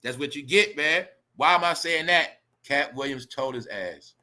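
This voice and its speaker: A livestream host, a man, ranting loudly and profanely to his chat, animated and talking straight to viewers. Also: fairly high pitch, normal speed. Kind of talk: ranting celebrity gossip commentary.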